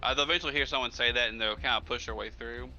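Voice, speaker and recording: A man's voice: medium pitch, fairly even intonation, racing, bright, forceful tone, soft background music. A man narrating a tabletop game as game master, rambling casually with lots of fillers, on slightly muffled stream audio.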